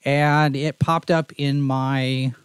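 A man's voice: medium pitch, level tone, slow pace, smooth, no echo. A man hosting a casual podcast chat with a faint Texas Southern accent, talking in a thoughtful, easygoing, rambling way. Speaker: show host.

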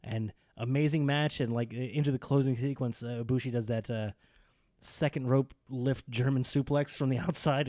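A man co-hosting a casual podcast, talking about wrestling with rambling enthusiasm. His voice is mellow and dark. The sound is dry and close. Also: medium pitch, moderate pace, dry recording. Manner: enthusiastic, rambling, animated when excited. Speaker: podcast co-host.

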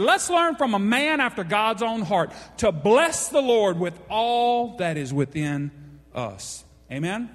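A man's voice: very high-pitched, a bit bright. A pastor giving a folksy sermon, joking with his congregation by name. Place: church hall. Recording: long hall reverb.

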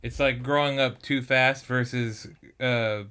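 A man's voice: medium pitch, fairly even intonation, unhurried, sharp tone, clean tone. A man co-hosting a podcast, chiming in with short remarks and agreement. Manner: brief agreeing interjections. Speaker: podcast co-host. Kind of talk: casual chat.

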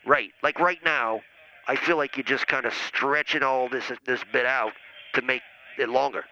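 A man's voice: mid-range voice, fairly even intonation, moderate pace, pushed and bright. A man calling in to a comedy show, rambling and needling, with many hesitant uhs. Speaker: phone-in guest. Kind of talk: comedic phone banter. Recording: muffled call-in line with faint noise.

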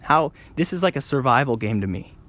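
A man hosting a solo podcast, rambling and joking at himself, talking fast and often jumping up high. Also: lively intonation, a bit bright. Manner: rambling, self-mocking, fast with sudden high jumps. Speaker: podcast host. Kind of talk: casual solo podcast chat.

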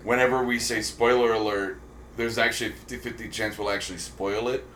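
A man co-hosting a podcast rambles through casual film chat, full of ums and restarts. His voice sits low, and the room adds a noticeable echo with a faint hiss underneath. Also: steady tone, brisk, a bit bright. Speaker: podcast co-host. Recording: roomy echo with faint noise.

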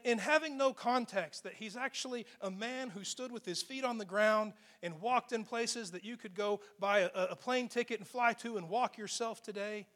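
Male pastor with a high voice, preaching in a church; conversational and emphatic, with asides to the listeners. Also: fairly bright tone. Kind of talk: sermon. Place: church sanctuary.

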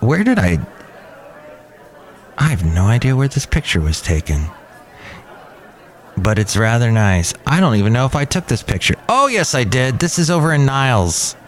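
A middle-aged man hosting his own daily podcast, chatting alone in a rambling, digressive way that often breaks off mid-thought. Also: on the low side. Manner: rambling, digressive, self-interrupting. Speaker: podcast host. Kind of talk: casual solo podcast monologue.

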